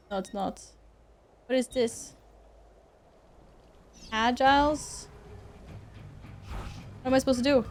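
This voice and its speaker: A woman's voice: sits high, fairly bright tone. A young woman from Sweden streaming a video game at home, chatting and giggling with her viewers as she plays. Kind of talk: casual gameplay streaming.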